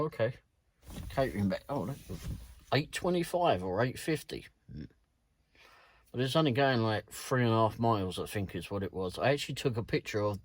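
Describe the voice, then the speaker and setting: Middle-aged british bloke rambling about delivery runs, swears a lot, dry close sound. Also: male voice, on the low side, no room sound. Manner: rambling, swears freely, chuckles. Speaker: delivery driver vlogger. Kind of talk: casual storytelling vlog.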